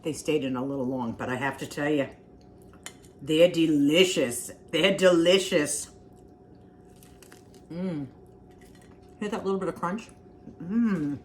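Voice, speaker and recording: A woman with a lower-pitched voice chats through a casual home cooking vlog. She is talkative and homey, says things twice, and hums over each bite. A faint hiss sits under the recording. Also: normal speed, long pauses, a little mellow. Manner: homey and talkative, repeats herself, hums while tasting. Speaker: cooking vlogger.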